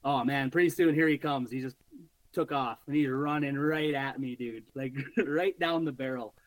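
A man guesting on a podcast, telling a hunting story in an animated, casual way and swearing freely. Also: medium pitch, normal speed, dry recording, rough recording.

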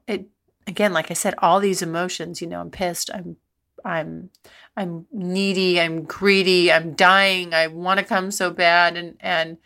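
A woman's voice: on the low side, a bit bright. A woman, middle-aged, hosting a podcast and telling frank personal stories in a rambling, breathless way, laughing often. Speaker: podcast host. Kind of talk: candid personal storytelling.

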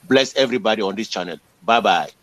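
Earnest, halting man from Africa. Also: lowish voice, fairly bright tone. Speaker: guest's husband. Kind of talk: casual livestream chat.

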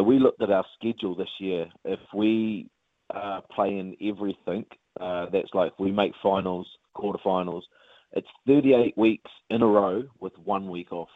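Deep-voiced Kiwi man on a phone line. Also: normal speed, no room sound. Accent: New Zealand. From New Zealand. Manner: relaxed, many fillers, says mate often. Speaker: professional rugby player. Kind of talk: casual interview. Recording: tinny phone line, dry.

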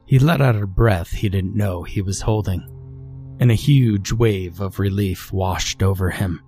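A man narrating a scripted horror story in a slow, measured, brooding way. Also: deep voice, a little mellow, soft background music.

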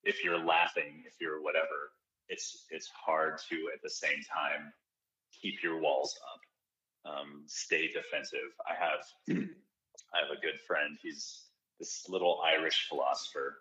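Male guest, very low pitch, forceful tone, earnest and reflective, muffled recording. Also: little pitch movement, unhurried. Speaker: podcast guest, comedy festival producer. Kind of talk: reflective conversational talk.

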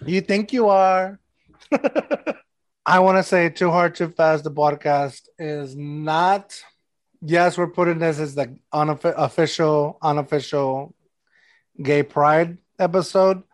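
A man's voice: on the high side, takes it slowly, no room sound. A man hosting a podcast, telling stories in a rambling, casual way full of "like". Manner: rambling storyteller, lots of "like". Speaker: podcast host. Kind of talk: casual chat.

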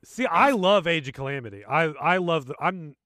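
A man hosting a podcast in casual chat, easygoing and quick to laugh along. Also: on the high side, lively intonation, bright, forceful tone, no echo, clean studio sound. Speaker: podcast host.

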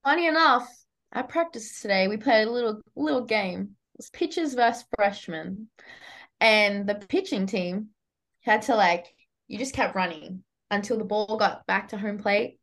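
A woman's voice: mid-range voice, lively intonation, moderate pace, fairly bright tone. Chatty young Australian woman. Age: young adult. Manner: chatty and upbeat, lots of "like". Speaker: college softball pitcher guest. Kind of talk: casual interview chat.

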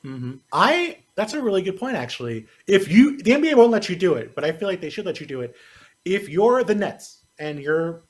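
A man's voice: high voice, very animated, brisk. A man talking casually about basketball on a sports podcast, rambling and self-deprecating.

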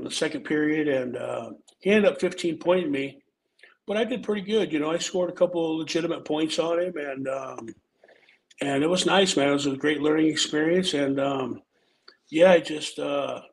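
A man's voice: fairly high pitch, creaky, a little hiss or hum, low-quality recording. A middle-aged man from Omaha, Nebraska, telling stories in a casual, laid-back way, swearing freely and tacking "man" onto his sentences. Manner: laid-back and profane, peppers talk with "man" and "um". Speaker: podcast guest storyteller, former wrestler. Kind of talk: casual storytelling.

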